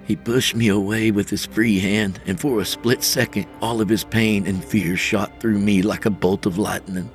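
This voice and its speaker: A man narrating a first-person horror story as podcast host, measured and tense. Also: on the low side, steady tone, soft background music.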